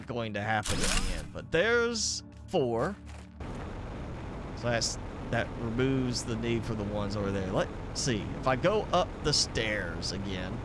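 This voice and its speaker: A man with a mild Southern American accent, chatting casually while streaming a game, thinking aloud with lots of fillers. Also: lowish voice. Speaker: gaming streamer. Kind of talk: casual live gameplay commentary.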